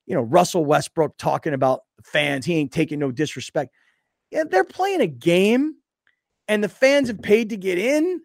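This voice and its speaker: A sports radio host with a fairly high voice that swings up and down as he tells his stories. He acts out little scenes, and the studio sound is dry and close. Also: vocal fry, no echo. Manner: animated storytelling, acting out scenes. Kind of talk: casual sports talk.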